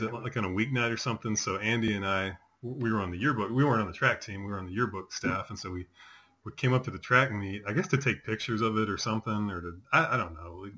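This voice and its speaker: A man's voice: lowish voice, bright, forceful tone, breathy edge. A man in his forties chatting casually as a host, telling rambling stories with many fillers. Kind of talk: casual chat.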